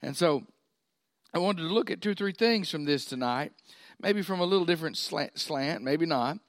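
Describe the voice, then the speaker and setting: A man's voice: on the high side, expressive, normal speed, dry recording, studio quality. A man preaching a sermon, folksy and often checking in with his listeners. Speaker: pastor.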